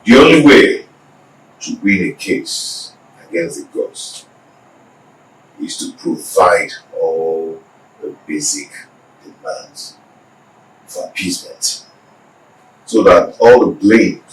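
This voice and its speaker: An actor playing a solemn village elder leading a prayer. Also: male voice, low-pitched, animated, takes it slowly, long pauses, slight background noise. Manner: solemn, declaiming. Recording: echoey from far off, faint ambience.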